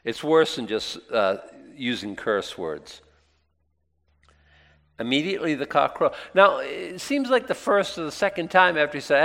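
Heard through a long hall reverb, a Boston-accented preacher teaches scripture in a casual, folksy, meandering way, frequently starting sentences over. His fairly high, fairly bright voice is sing-song, a little slow and has vocal fry.

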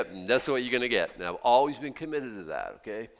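A man's voice: medium pitch, expressive, a little fast, hardly any pauses. A man preaching a sermon in a conversational way, quizzing his listeners and repeating himself. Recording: long hall reverb.

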